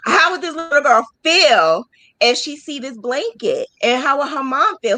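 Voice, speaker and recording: A woman's voice: sits high, moderate pace, dry recording, low-quality recording. A woman mentoring crochet business owners in a casual live chat, talking emotionally and acting out little quotes. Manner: animated, emotional storytelling with acted-out quotes.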